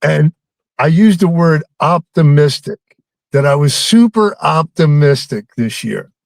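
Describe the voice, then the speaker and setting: A man's voice: a little high, lively intonation, a little slow, gravelly, no echo. A man calling in to a sports show, rambling and teasing, with plenty of ums. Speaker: caller. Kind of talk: phone-in chat with a host.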